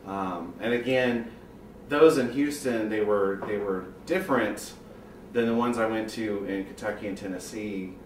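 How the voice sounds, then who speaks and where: In a reflective interview, a choir member with a fairly low voice unhurriedly recalls the revival meetings of his childhood. The mic is distant, giving a roomy, off-mic sound with faint background ambience.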